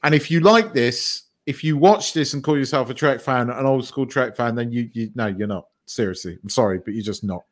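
A man's voice: mid-range voice, fairly quick, few pauses. A man co-hosting a podcast, blunt and sweary, ranting in casual chat. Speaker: podcast co-host.

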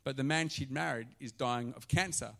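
A man preaching a sermon as pastor, telling a story and swinging from hushed asides to loud, excited calls. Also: mid-range voice, moderate pace, creaky.

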